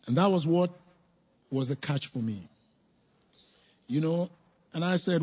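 A man's voice: a little high, animated, measured pace, pauses often, darkish tone, slightly rough. A middle-aged man telling his personal testimony to a congregation, earnest and reflective, repeating words for emphasis. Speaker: church member giving testimony.

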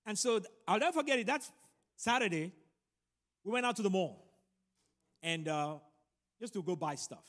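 A middle-aged man preaching a sermon and telling a personal story, animated and building to loud emphatic peaks. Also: sits high, normal speed, pauses often. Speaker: pastor. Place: large church room. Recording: long hall reverb.

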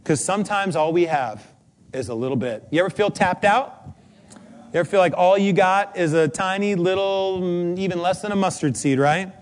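A man pastor delivering a chatty, animated sermon in church, telling stories with casual fillers. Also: sits high, moderate pace.

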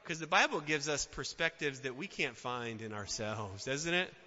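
A man preaching a sermon as a pastor, swinging between loud emphatic outbursts and quiet, soft asides. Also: mid-range voice, lively intonation, moderate pace. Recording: dull sound with long hall reverb.

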